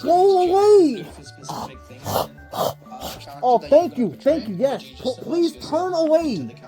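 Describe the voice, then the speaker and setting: High-pitched man mocking clips loudly. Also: sing-song, unhurried, soft background music. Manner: mocking, loud and exaggerated, with sudden yells. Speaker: commentator reacting to clips. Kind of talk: comedic reaction commentary.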